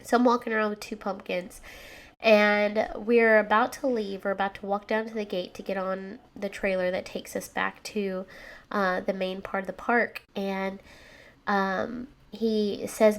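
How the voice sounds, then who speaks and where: A mother co-hosting a podcast, telling a lively story about her child in a casual, animated way. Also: mid-range voice, unhurried. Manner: animated, acts out a child's voice in anecdotes.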